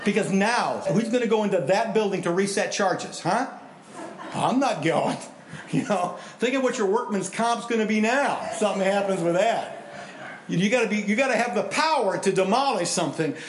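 A male pastor preaching a sermon, animated storytelling that swings between loud and hushed. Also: high voice, a little fast, roomy sound.

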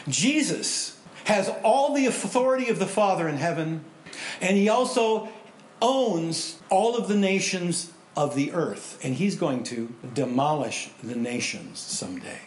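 A male pastor preaching a sermon, animated storytelling that swings between loud and hushed. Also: high-pitched, unhurried, echoey room.

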